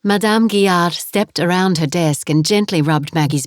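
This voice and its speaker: A woman narrating a romance novel in a calm, even storytelling manner on a close studio mic. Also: fairly low pitch, normal speed, hardly any pauses, no room sound. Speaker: audiobook narrator. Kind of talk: scripted narration.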